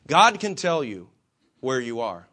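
A man's voice: medium pitch, big pitch swings, unhurried, sharp tone. A man preaching a sermon to fellow believers, swinging his emphasis and asking rhetorical questions. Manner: acts out quoted voices of himself and the Lord. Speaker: pastor.

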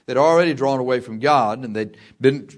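A man preaching a sermon, telling a personal story with lively delivery, laughing often and shouting at the big moments. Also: medium pitch, brisk.

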